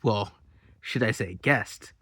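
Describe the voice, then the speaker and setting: A man's voice: fairly low pitch, slow, a bit bright, slightly rough, no room sound. A man hosting a mock news broadcast in a plush comedy skit, rambling and mock-serious with many self-interruptions. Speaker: host of a plush comedy channel.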